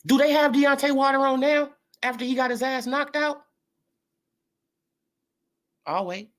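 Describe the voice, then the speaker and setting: A woman's voice: high voice, normal speed, pauses often. A woman ranting heatedly in a sports commentary vlog, swearing freely and calling people out. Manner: profane, heated, animated.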